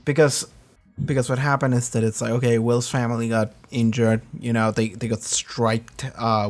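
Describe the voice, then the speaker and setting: Hoarse man rambling through a review. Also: mid-range voice. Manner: rambling, heavy on "like", swears freely. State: hoarse, voice cracking. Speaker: reaction video host. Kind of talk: casual unscripted review.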